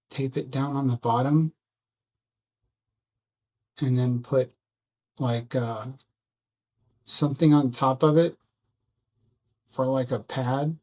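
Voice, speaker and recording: A man hosting a casual build vlog, rambling softly to his viewers and himself while he works at a bench indoors. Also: medium pitch, slightly rough. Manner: soft, rambling self-talk with musing asides. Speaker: drone hobby channel host.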